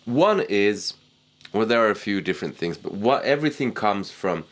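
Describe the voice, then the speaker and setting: A man teaching guitar technique in a casual, relaxed way, poking fun at himself. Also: on the low side, normal speed. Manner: relaxed, self-deprecating, chuckles at himself. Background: guitar playing.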